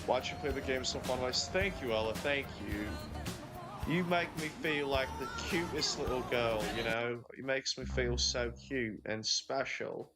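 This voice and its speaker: A man's voice: medium pitch, unhurried. A young man streaming a game, chatting casually and jokily while reading chat aloud. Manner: laid-back, joking, reads chat aloud. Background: game music.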